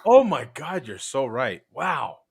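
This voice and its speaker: A man's voice: mid-range voice, very animated, slow pace, vocal fry, slightly rough. A man hosting a casual chat on a live show, jokey, laughing often and riffing on his co-hosts. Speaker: host.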